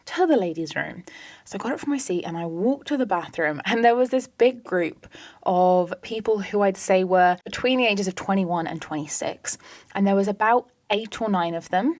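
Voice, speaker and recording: A woman hosting a podcast, telling a story in a lively, chatty way with whispered asides. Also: lowish voice, dry recording. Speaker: podcast host. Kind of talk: casual storytelling monologue.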